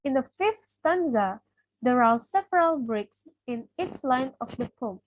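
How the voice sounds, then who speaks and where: A woman's voice: sits high, expressive, a little slow, rough recording. A young woman, a student from Indonesia whose first language is Indonesian, reading her class presentation steadily from notes. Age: young adult. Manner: reads steadily from notes, listing terms.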